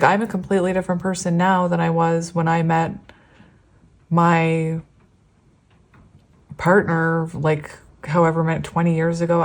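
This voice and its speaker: A woman's voice: fairly low pitch, a little mellow. A woman in her thirties doing a casual tarot reading to camera, rambling and affectionate with frequent giggles, her voice teary as if on the verge of crying. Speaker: tarot reader.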